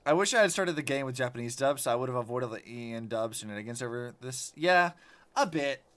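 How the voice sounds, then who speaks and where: Streaming a game as a vtuber, a man chats casually and rants with plenty of swearing. His commentary is rambling and animated, delivered at a medium pitch and a slightly fast pace.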